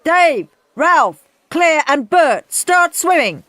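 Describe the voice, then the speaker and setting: A woman voicing a gruff, bossy male swimming instructor who shouts and snarls at the children. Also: sits high, big pitch swings, slow pace, dry recording, pitched above the performer's own voice, heavily acted. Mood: bellowing.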